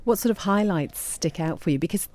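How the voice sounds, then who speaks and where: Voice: medium pitch, animated, brisk, darkish tone, no room sound. A radio host introducing a song and interviewing a guest, asking questions with frequent fillers.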